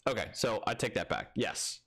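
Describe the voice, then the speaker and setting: A man's voice: lowish voice, lively intonation, normal speed, fairly bright tone, husky. A man co-hosting a podcast in casual chat, playful and riffing on silly jokes. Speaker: podcast co-host.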